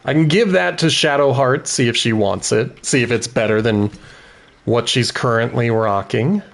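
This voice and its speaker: A man's voice: medium pitch, normal speed, gravelly. A man giving let's-play commentary, thinking aloud about tactics and cheering on his party members. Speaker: gaming video host.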